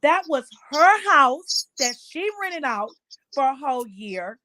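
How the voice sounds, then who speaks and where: A woman's voice: high voice, sing-song, slow, sharp tone. A woman hosting a late-night live chat, venting with emphatic, indignant talk and lots of repetition. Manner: indignant, emphatic, repeats herself. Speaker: livestream host. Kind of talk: casual commentary chat.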